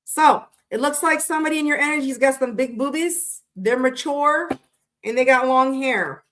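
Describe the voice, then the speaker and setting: Middle-aged woman, tarot streamer, slightly high voice, chatty and blunt. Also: moderate pace, fairly bright tone, a little hiss or hum. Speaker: tarot reader. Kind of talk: casual live-stream tarot reading.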